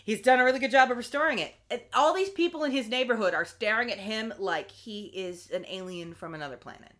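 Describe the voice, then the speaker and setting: A woman co-hosting a podcast in a casual chat, recapping a TV episode with wry, animated commentary. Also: a little high, quick pace. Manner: animated, wry, acts out quotes. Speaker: podcast co-host.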